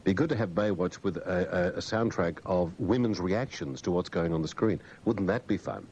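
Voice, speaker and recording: A man's voice: sits low, normal speed, few pauses, darkish tone. A man hosting talk radio, mocking and sardonic as he banters and rants. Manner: sardonic, mocking, with put-on silly voices. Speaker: radio host. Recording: dull lo-fi radio broadcast with faint hiss.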